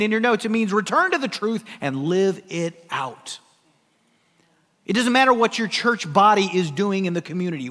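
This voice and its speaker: A middle-aged man preaches in a casual yet emphatic way, pressing his listeners with rising questions. His voice sits somewhat high for a man. A long hall reverb hangs behind every phrase. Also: expressive, moderate pace, a bit bright. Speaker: pastor. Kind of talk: sermon.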